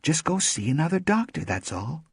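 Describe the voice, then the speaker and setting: Firm, no-nonsense storybook friend, pitched up by a male reader. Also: big pitch swings, normal speed, a little mellow, slightly rough, no echo, clean studio sound, heavily acted. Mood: insistent. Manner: firm, insistent. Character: firm bossy woman friend.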